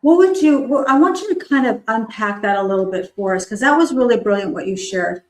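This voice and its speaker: A woman's voice: fairly high pitch, animated, a little fast. A woman hosting a live online talk show, upbeat and cheering her guest on. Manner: enthusiastic, cheering. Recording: roomy echo.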